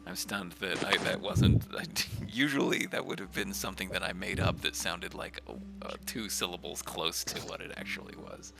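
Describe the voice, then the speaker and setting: A man casually chatting while playing a game, playful and sometimes dropping into low whispers as he reads. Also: moderate pace, creaky, hardly any pauses, loud music behind the voice. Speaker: game player. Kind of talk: casual let's-play chat and reading aloud.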